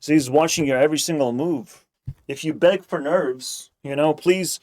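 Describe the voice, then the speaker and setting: Streamer, male, slightly high voice, sarcastic, swears nonstop, rambles. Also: moderate pace, darkish tone. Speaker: streamer reacting to a video. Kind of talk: casual profane rant.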